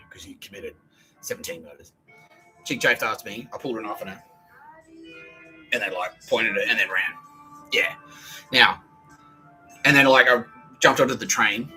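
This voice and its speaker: An Australian man rambles through a story on his podcast, swearing constantly and breaking into laughter. His voice is bright and forceful, with faint music playing behind him. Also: fairly low pitch, rough recording. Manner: profane, laughing, agitated storytelling. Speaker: podcast host. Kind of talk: rambling monologue.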